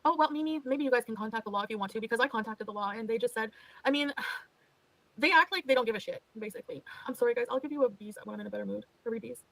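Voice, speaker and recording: A woman's voice: fairly high pitch, racing, creaky, a bit bright, no echo, low-quality recording. A woman streamer venting on a livestream, exasperated and resigned, swearing often. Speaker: streamer in a played clip.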